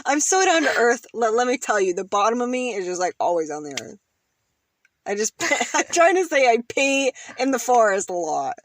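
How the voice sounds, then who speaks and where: Giggly young woman, lively pitch. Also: normal speed, slight background noise. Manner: giggly, joking banter, laughs often. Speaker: podcast co-host. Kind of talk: casual chat.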